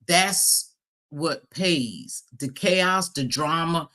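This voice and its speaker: A woman's voice: sits low, drawn-out words, pushed and bright. A woman hosting a casual live chat stream, speaking bluntly and profanely, laughing often and greeting viewers as she talks. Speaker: livestream host.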